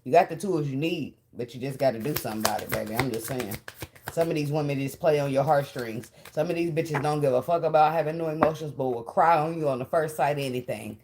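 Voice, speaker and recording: A woman with a low, deep voice reads tarot cards in a loose, casual way. She talks bluntly and swears freely, and she laughs often as she goes. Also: fast, background noise. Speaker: tarot reader.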